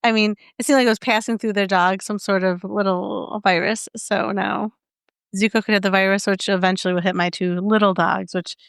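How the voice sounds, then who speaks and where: A woman co-hosting a podcast, chatting casually and telling lively stories. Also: mid-range voice, a little fast, gravelly, smooth, dry recording, studio quality. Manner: chatty, animated storytelling with laughs. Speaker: podcast co-host. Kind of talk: casual chat.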